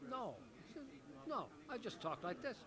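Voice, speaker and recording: A man, a soap opera actor, reminiscing in an interview with measured storytelling. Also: very high voice, very animated, a crowd in the background.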